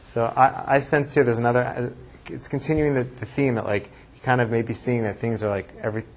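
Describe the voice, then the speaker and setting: A rabbi teaching a classroom lecture, thinking aloud and reading verses aloud with emphasis, with class discussion. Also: male voice, medium pitch, fairly even intonation, brisk.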